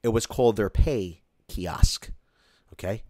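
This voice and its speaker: A man hosting a casual live stream, reading viewer comments aloud and ranting about them in an animated way. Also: lowish voice, a little slow, no room sound, clean studio sound.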